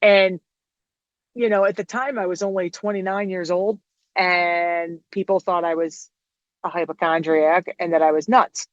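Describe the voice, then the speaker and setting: A woman's voice: fairly low pitch, a little slow, dry recording, dull audio. A woman guest in an interview, telling a long story in casual, rambling speech and acting out the dialogue. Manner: rambling, animated, acts out quoted dialogue.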